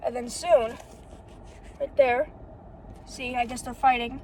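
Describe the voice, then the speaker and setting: A high-pitched woman reads a comic aloud in a casual, stop-and-start way, often repeating the same lead-in before each line of dialogue. Her voice is mellow and dark in tone despite its height. A faint background noise sits under the recording. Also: poor audio. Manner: reads haltingly, repeating "and then she says" and correcting slips; adds brief unsure asides to the reading. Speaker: comic book reader.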